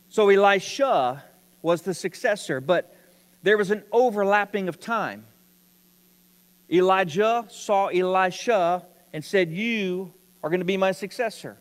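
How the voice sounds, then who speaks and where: A man's voice: a little high, big-room sound. A man preaching a sermon, telling a story with rising emphasis.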